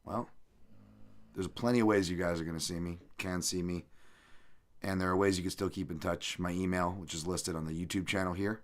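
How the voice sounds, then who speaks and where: Low-voiced profane podcast host. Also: male voice, steady tone, a little fast. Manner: rambling, profane, self-deprecating. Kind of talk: casual podcast monologue.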